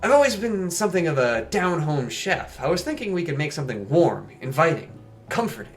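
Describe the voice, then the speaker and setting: A man voicing a folksy old Southern gentleman chef in a dating game, speaking with a genteel, homespun drawl. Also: on the high side, big pitch swings, brisk, soft background music. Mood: homey.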